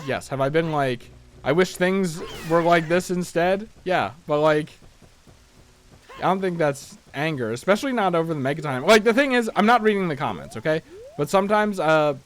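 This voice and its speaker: A man's voice: fairly high pitch, lively intonation, fairly quick. A man chatting casually while playing a video game, rambling and self-deprecating, often restarting his sentences as he thinks aloud. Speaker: let's play host. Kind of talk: casual gameplay commentary.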